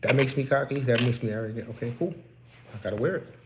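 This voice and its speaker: A man's voice: medium pitch, fast, echoey room, a little hiss or hum. A man working as a real estate investor, talking candidly and preaching a little to the listener, in a casual motivational talk from his office.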